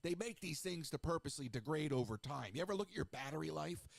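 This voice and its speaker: A middle-aged man hosting a radio show, chatting in a snarky, rambling way with lively asides. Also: fairly high pitch, quick pace, gravelly, no echo. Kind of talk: casual solo radio talk.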